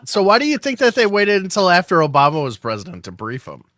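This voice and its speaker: A man's voice: high-pitched, huge pitch swings, quick pace, a bit bright, no echo, clean studio sound. A man hosting a casual podcast, musing aloud about news in a conversational, trailing way. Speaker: podcast host.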